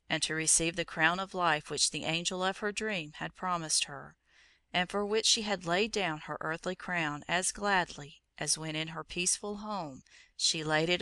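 A narrator reading a storybook chapter aloud in a measured, even storytelling manner. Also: mid-range voice, no echo.

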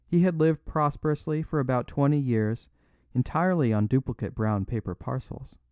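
A man's voice: mid-range voice, normal speed, no room sound, lightly acted. A man reading an audiobook, voicing a small, mild, vague male priest who speaks simply and apologetically, in a dry, dull recording.

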